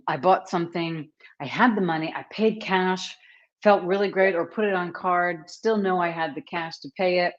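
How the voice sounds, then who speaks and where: A woman hosting a casual live stream, chatting warmly and greeting viewers by name as she talks. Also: on the low side. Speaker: host, author and coach. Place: at home, book behind her. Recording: slightly dull, lo-fi sound.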